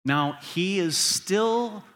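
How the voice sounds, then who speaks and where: A man's voice: high voice, animated, drawn-out words, a bit bright. A man preaching a sermon as pastor, earnest and building to emphatic peaks.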